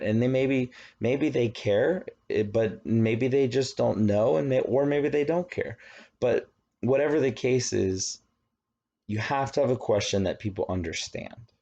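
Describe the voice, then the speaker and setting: A man's voice: lowish voice, dark tone, lo-fi sound. A man from Virginia teaching a recorded college lecture on government, chatty, with rambling asides and frequent fillers. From Virginia, United States.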